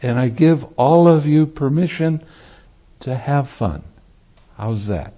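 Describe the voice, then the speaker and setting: Slow, mellow-voiced monk giving a dharma talk. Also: male voice, mid-range voice, lively intonation. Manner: light-hearted, laughs easily while teaching. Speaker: Buddhist monk and meditation teacher.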